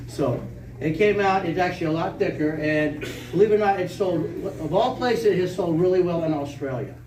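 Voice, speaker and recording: A man's voice: high voice, moderate pace. A man telling folksy stories to a live conference audience, chuckling and acting out phone calls. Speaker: conference speaker. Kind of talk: storytelling talk to a live audience. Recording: echoey room, far from mic, faint noise.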